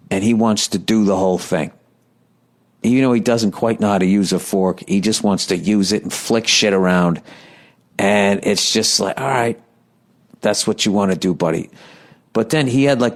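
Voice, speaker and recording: A comedian with a lowish voice delivers a casual comedic monologue at a moderate pace. He swears heavily and rambles, restarting his stories often. His animated retelling is full of self-deprecation.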